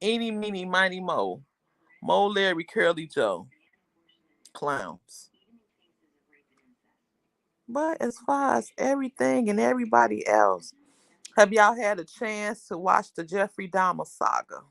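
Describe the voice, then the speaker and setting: A woman's voice: mid-range voice, big pitch swings, a little slow, creaky, long pauses, dry recording, studio quality. A woman hosting a casual livestream, chatting with viewers in a rambling, talkative way. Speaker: livestream host.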